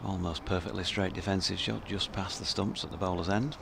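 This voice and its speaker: A man's voice: deep voice, steady tone, fairly quick, vocal fry, noisy background. A man with a Yorkshire accent co-commentating on a live cricket match, describing the technique of each ball. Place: commentary position at an outdoor cricket ground.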